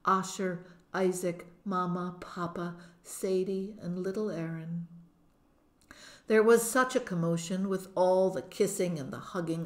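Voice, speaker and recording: Slow, measured woman audiobook narrator. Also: on the low side. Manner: measured, expressive. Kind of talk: audiobook reading of a novel in first person.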